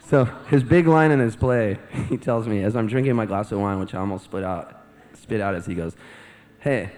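A man's voice: on the low side, brisk, a little mellow. A male singer-songwriter on stage, telling a rambling, amused story between songs into a vocal mic.

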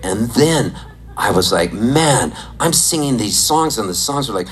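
A man in his sixties from Southern California, telling animated, laughing, profane stories from his childhood in a casual way. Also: medium pitch, a little slow, slight background noise, rough recording. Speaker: storyteller. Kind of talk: casual storytelling.

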